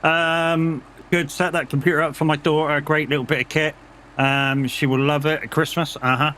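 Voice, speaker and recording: A man's voice: fairly high pitch, little pitch movement, moderate pace, pushed and bright, a little hiss or hum. A man with an English accent, a live streamer chatting casually and swearing while he plays a game and jokes with his chat. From England.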